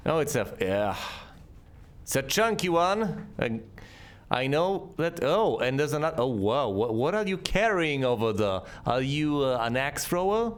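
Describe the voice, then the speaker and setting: A man's voice: medium pitch, sing-song, unhurried. Wry man narrating his gameplay. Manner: wry, sarcastic, talks back to enemies. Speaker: let's play host. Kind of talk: gameplay commentary.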